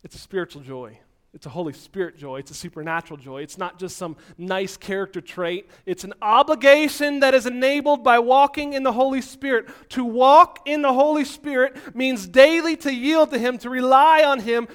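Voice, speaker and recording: A man preaching an energetic, animated sermon, so physically active that he sounds out of breath at times. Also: very high voice, clean tone.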